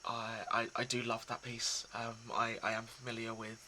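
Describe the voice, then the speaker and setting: A man talking casually and reflectively to his viewers, soft and hesitant, with many pauses and restarts. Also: medium pitch, completely flat delivery, a little hiss or hum, poor audio. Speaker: poetry reader.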